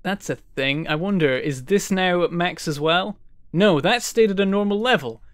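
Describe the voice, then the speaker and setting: A man from northern England streams a game live, thinking aloud, answering chat and breaking into frustrated exclamations. He has a high voice and a moderate pace, on a dry recording.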